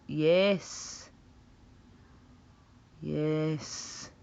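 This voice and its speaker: A woman's voice: sits low, steady tone, extremely slow, creaky, a little mellow, clean tone, highs cut off. A Scottish woman livestreaming, chatting casually and rambling as she reacts to viewers' comments. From Scotland.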